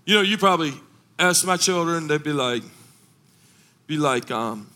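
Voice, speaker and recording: A middle-aged man preaching a sermon as pastor, impassioned, rising into shouted, sung cadences. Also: fairly high pitch, big pitch swings, a little fast.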